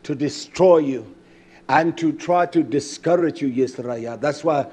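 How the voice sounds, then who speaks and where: A man preaching a sermon with fervent delivery that moves between shouts and quieter stretches, breaking in with repeated hallelujahs. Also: a little high, a little slow, slightly rough. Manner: fervent, rising to shouts, then quieter and reflective.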